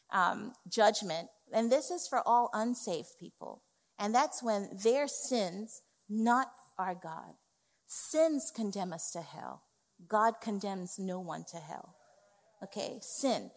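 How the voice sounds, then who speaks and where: A woman executive pastor preaching a sermon, emphatic and conversational, often checking in with "okay", recorded in a church sanctuary. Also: medium pitch. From West Indies family. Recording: long hall reverb.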